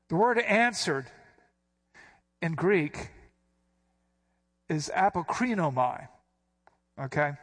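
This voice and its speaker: Emphatic man teaching scripture. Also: a little high. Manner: emphatic, repeats quoted lines with sharp stress. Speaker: preacher. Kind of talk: verse-by-verse Bible teaching.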